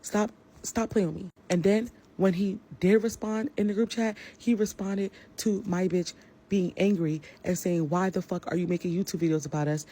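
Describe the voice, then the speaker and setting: A woman's voice: medium pitch, fairly even intonation, normal speed, dark tone. A woman giving an angry, profane rant to the camera about a falling-out with a friend. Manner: heated, profane, confrontational. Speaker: social media personality.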